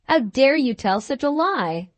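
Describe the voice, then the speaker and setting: A woman reading the part of a drunken, brutish young gentleman who shouts and blusters, in an audiobook. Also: high voice, big pitch swings, a little slow, no room sound. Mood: blustering.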